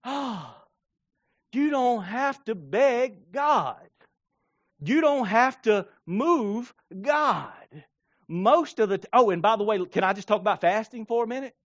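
This man's high-sitting voice moves slowly as he preaches, reading scripture and acting out scenes animatedly with playful character voices and laughter. The pastor's lo-fi recording has no echo.

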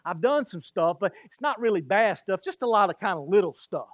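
A man's voice: sits high, lively intonation, fairly quick, a bit bright, no room sound, studio quality, pitched above the performer's own voice. A man voicing, inside a sermon story, another man who stammers and rambles while insisting his many small sins are not so bad. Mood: sheepish.

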